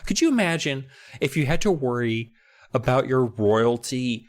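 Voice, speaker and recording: Male co-host, chatty and animated, wide-ranging pitch, riffs on jokes. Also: moderate pace. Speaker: podcast co-host. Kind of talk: casual chat recapping a book.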